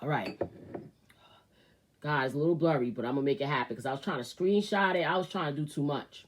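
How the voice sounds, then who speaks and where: Animated woman hosting an advice show. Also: low-pitched, a little fast, pauses often. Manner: animated, exclamatory, swings from loud outbursts to muttering asides. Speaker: host. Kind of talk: casual advice show, reading a viewer letter.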